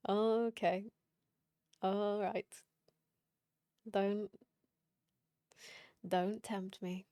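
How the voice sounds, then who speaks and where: A woman's voice: mid-range voice, fairly even intonation, very slow, pauses often, dark tone, no echo, clean studio sound. A woman streamer chatting casually and playfully with her viewers late at night, teasing and laughing often.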